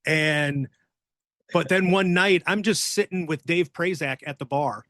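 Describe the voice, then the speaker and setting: Male podcast guest, ex-wrestler; slightly high-pitched, profane, rambling storyteller, dry close sound. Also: measured pace, fairly bright tone, dry recording. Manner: profane, rambling, acts out quoted voices. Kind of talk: casual storytelling.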